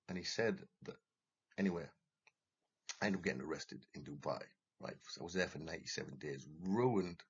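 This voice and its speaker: A man talks straight to the camera in a deep, raspy voice. His account rambles and keeps restarting, full of swearing and agitation. The recording sounds dull and lo-fi. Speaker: former talent show contestant telling his story. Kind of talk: unscripted monologue to camera.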